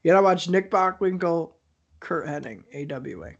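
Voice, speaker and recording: A man's voice: a little high, lively intonation, normal speed, vocal fry, muffled recording. A man co-hosting a podcast in laid-back, crude casual banter. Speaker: podcast co-host. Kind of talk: casual chat.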